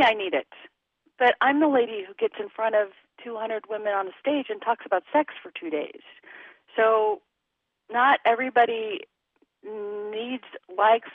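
A woman's voice: fairly high pitch, no echo. Frank woman coach on a tinny phone line. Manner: frank and emphatic, talks candidly about sex. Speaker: relationship coach. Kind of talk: interview over a phone line.

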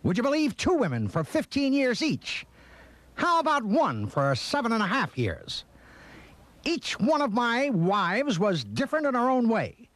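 Man, middle-aged, very high pitch, extremely animated, deadpan gags. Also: no room sound. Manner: clipped deadpan punchlines, repeated catchphrase setups. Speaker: comedian. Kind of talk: comic recorded greeting.

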